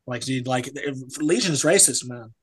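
A young American man, a serving Foreign Legionnaire, guests on a casual podcast, his medium-pitched voice expressive and a bit bright with a breathy edge at normal speed. He rambles bluntly, swearing and using many fillers, over poor audio.

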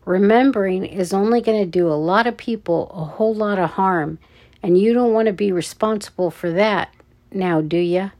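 A woman's voice: medium pitch, moderate pace, darkish tone, natural voice. Woman reading as a barking, bullying security guard. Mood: calm menace. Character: gruff threatening red-haired male security guard.

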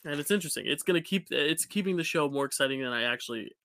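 A man co-hosting a casual podcast talks in a laid-back way, saying "like" often and laughing easily. His fairly high voice is animated, rapid-fire and fairly bright, with no room sound.

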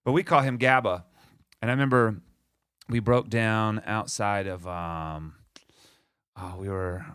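Musician guy telling a tour story, low voice, laid back, dry sound. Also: measured pace, fairly bright tone, smooth, no room sound. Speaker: musician guest. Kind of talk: casual storytelling.

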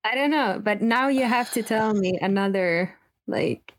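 A woman in relaxed conversation at a middle pitch. She talks hesitantly and searches for words, with lots of fillers. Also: a little slow. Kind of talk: casual chat.

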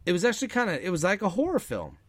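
A man's voice: high voice, huge pitch swings, racing, a bit bright, dry recording. A man co-hosting a podcast in casual chat, rambling with lots of fillers and restarts. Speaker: podcast co-host.

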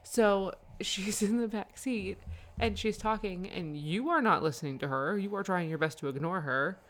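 A woman's voice: mid-range voice, normal speed. A woman chatting casually as a parent, telling a family car story and laughing often. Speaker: podcast co-host, parent.

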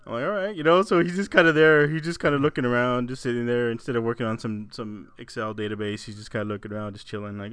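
A man's voice: mid-range voice, steady tone, a little fast, pushed and bright, clear, resonant tone, dry recording. A man co-hosting a podcast, telling a story in casual chat, laughing often and swearing freely. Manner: storytelling with frequent laughter and profanity. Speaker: podcast co-host.

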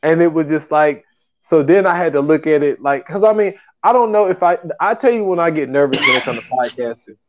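A man's voice: on the high side, lively intonation, a little fast, muffled recording. A man hosting a podcast in casual chat, rambling and filling with "you know what I'm saying.". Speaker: podcast host.

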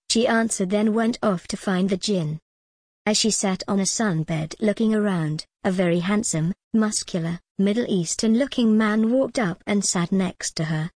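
A woman's voice: medium pitch, measured pace, a little mellow, no echo. A woman narrating an audiobook in scripted style, reading all the characters in a mostly plain voice.

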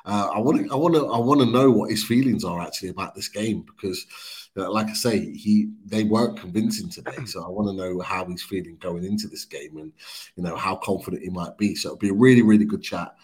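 Low-voiced Geordie man, upbeat co-host. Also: fairly quick, a little mellow, breathy edge. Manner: upbeat, opinionated, with many ums and repeats. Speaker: podcast co-host. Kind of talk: casual fan-show chat.

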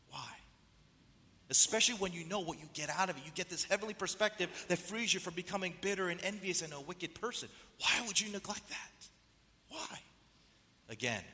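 A male pastor with a nasal voice delivers a sermon, fires rhetorical questions at the congregation and reads quotations aloud. His tone is bright and forceful, a little higher than most men's, and his words ring out in a long church-hall reverb. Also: slight background noise. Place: church sanctuary.

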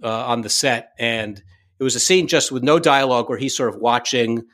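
A man telling stories from his directing days in a casual interview, lively, full of fillers and restarts. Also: medium pitch, moderate pace. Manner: animated anecdote-telling, acts out quoted lines; frequent fillers and self-restarts.

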